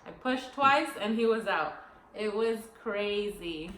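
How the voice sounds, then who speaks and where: A woman's voice: mid-range voice, lively intonation, slow pace, fairly bright tone. Young woman co-host rambling thru a story, roomy echo, bit of hiss. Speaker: podcast co-host. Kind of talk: casual chat. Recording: echoey room, faint noise.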